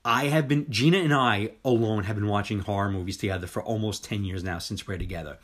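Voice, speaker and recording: Excitable husky man in his forties. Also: quick pace. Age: 40s. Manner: excitable, profane, acts out scenes in high voice. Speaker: podcast co-host. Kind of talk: casual movie review chat.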